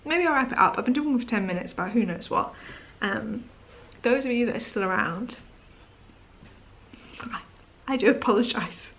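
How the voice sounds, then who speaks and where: A female vlogger chats casually to her camera at home in the evening, drowsy and yawning, rambling and apologizing with frequent "um"s and "like"s. Her fairly high, slightly bright voice has lively intonation and moves at normal speed.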